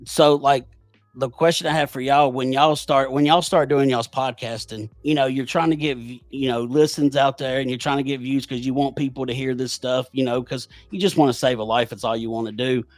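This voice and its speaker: A man's voice: mid-range voice, fairly even intonation, brisk, no room sound, faint music behind. A man, hosting a podcast and telling a personal story in an earnest, rambling way. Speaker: podcast host. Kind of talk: casual conversation.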